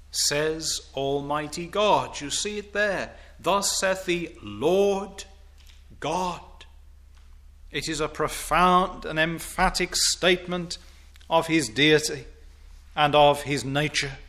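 A man preaching a sermon in formal, old-fashioned diction, building to loud, emphatic declamation as he reads scripture. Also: on the high side, takes it slowly.

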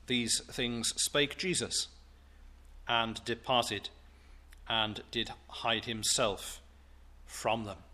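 A man preaching in church, reading scripture aloud in a solemn, deliberate way before his sermon. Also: medium pitch, fairly even intonation, pushed and bright. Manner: slow, solemn, deliberate delivery.

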